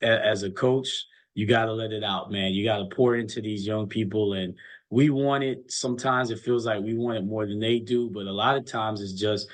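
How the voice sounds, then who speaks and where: A man's voice: lowish voice, steady tone, normal speed. A man coaching college basketball, chatting casually and telling earnest stories, often repeating his words. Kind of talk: casual chat.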